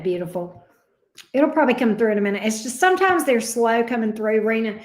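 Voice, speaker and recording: A woman's voice: on the high side, lively intonation, fairly quick. A woman with a Southern US drawl, chatting casually with viewers as a tarot reader hosting a livestream and calling them pet names. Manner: chatty, uses endearments like babes and love bug. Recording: echoey room sound.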